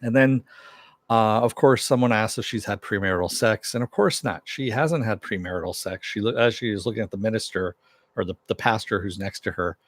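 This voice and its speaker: A man's voice: fairly low pitch, no room sound, studio quality. A man giving a casual recap of a TV episode, retelling it loosely with fillers and asides. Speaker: TV episode reviewer.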